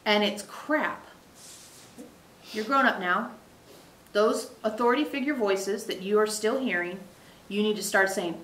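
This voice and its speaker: A woman channeler speaking as "we" for a spirit group, giving an emphatic, animated teaching to a small live audience. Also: mid-range voice, moderate pace, slight background noise. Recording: echoey room.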